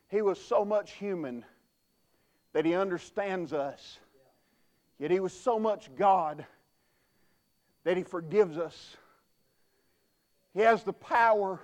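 A man preaching a sermon in a notably high voice. He is folksy and emphatic, often restarting his words as he drives a point home. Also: darkish tone, dull audio. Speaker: pastor.

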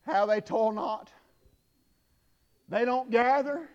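A man preaching a sermon, swinging from hushed asides to shouted peaks. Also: extremely high pitch, takes it slowly. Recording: dull lo-fi recording.

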